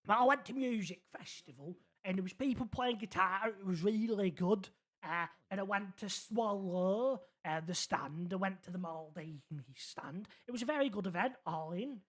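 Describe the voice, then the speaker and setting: A streamer voices a naive young man in a city roleplay game, spinning a long, earnest, rambling story and checking that the listener is keeping up. The voice is medium-pitched and close to an everyday one, at a normal speed.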